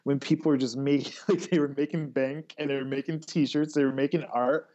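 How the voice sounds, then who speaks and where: A man's voice: fairly high pitch, a little fast, highs cut off. A man telling stories in casual conversation as a guest, rambling with many fillers and restarts. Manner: rambling, filler-heavy, animated storytelling. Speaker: guest, artist.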